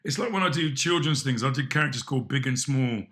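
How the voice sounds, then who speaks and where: A man in his sixties, a chat show guest telling stories in an animated way. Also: mid-range voice, fast talker. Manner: lively storyteller, mimics voices and laughs often.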